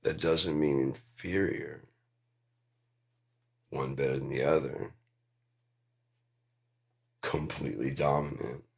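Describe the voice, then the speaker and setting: Deep, gravelly male ranter; wide-ranging, profane, rambling delivery. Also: fairly even intonation, takes it slowly, pauses often, a little mellow. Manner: swears constantly, jumps between topics, mimics voices.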